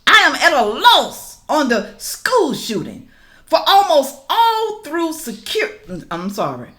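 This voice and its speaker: A middle-aged woman giving casual reaction commentary, reading news aloud and calling out to viewers as y'all, rising to loud emphatic questions. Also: sits high, huge pitch swings, slow. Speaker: political commentary vlogger.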